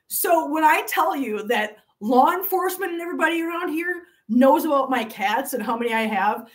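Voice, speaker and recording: Hosting a live stream for a cat channel, a woman tells viewers a long story, chatty and animated, laughing often. Her voice is high and the mic sits at a distance.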